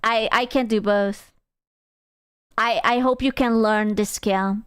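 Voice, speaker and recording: A woman's voice: a little high, steady tone, takes it slowly, fairly bright tone, smooth, no echo, studio quality. A young adult woman streaming live, chatting casually with viewers in crude, teasing banter and bursts of playful squealing.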